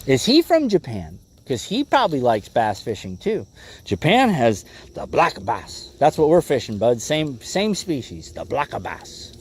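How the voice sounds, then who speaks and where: A man's voice: medium pitch, wildly swooping pitch, unhurried, breathy edge. A man hosting a casual fishing livestream from a boat, laid-back and calling viewers "bro" and "bud.". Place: outdoors on a boat on a lake.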